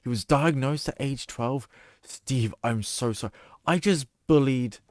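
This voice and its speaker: A man's voice: mid-range voice, a little slow, no echo, clean studio sound. A man streaming a horror game, joking and chatting casually with plenty of swearing. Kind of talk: gaming stream commentary.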